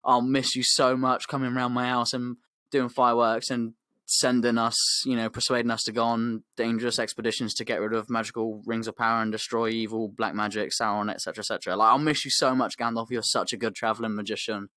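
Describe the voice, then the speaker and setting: A man's voice: medium pitch, level tone, quick pace, sharp tone, no room sound, natural voice. A man voicing small male fans who are weepy and adoring, gushing over the top.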